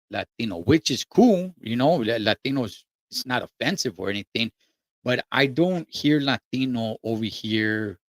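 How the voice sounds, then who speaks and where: A man's voice: medium pitch, a bit bright, no room sound. Laid-back trucker man. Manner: laid-back and slangy, with lots of fillers. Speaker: trucker vlogger. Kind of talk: casual monologue.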